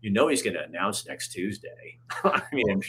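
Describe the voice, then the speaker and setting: A man hosting a casual political chat, telling stories in an animated, emphatic way. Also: lowish voice, normal speed. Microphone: camera on a video call.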